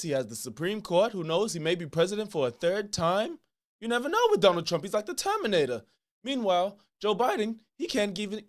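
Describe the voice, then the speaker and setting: A man doing a smug pompous British TV host. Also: high-pitched. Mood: bombastic. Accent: attempted British. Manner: bombastic, talks over his guest. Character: smug pro-Trump British male TV host. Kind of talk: parody sketch from his own video.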